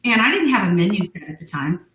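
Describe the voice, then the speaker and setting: A woman's voice: mid-range voice, sing-song, quick pace, fairly bright tone, echoey room, low-quality recording. A middle-aged woman, a business founder, telling her story as a guest in a live interview, bubbly and laughing often. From United States.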